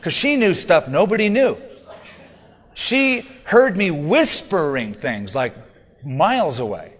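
A man's voice: a little high, very animated, unhurried, long reverb tail. A man preaching a sermon in a conversational, humorous way, reading scripture aloud between stories. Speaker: pastor.

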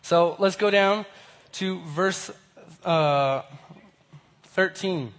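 A young man gives a casual Bible lesson in a hoarse voice left by a cold. His pitch sits a little high, and he keeps turning to the group with friendly questions. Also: extremely slow, a bit bright. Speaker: youth pastor.

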